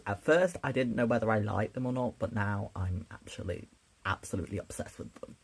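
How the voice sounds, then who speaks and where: A young man talks through a makeup tutorial in a chatty, self-mocking way. His voice sits low and has a husky edge. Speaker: drag performer.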